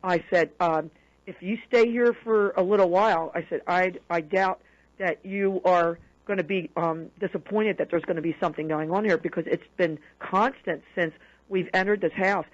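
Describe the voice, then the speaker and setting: A woman's voice: on the low side, moderate pace. Woman telling a story on lo-fi radio. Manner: animated retelling that acts out quoted dialogue. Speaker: radio show guest. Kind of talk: personal storytelling on a call-in radio show. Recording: dull lo-fi radio broadcast audio.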